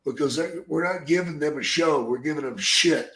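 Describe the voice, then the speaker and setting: A man's voice: on the high side, normal speed, a bit bright, roomy sound, rough recording. An older man and former wrestler hosting a podcast, telling blunt, profane stories in a casual way. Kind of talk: casual storytelling.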